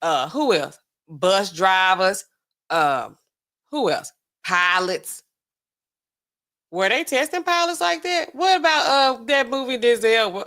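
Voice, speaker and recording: A woman's voice: fairly high pitch, a bit bright. A woman hosting a live stream in a loose, slangy, rambling chat, laughing often and talking straight to her viewers.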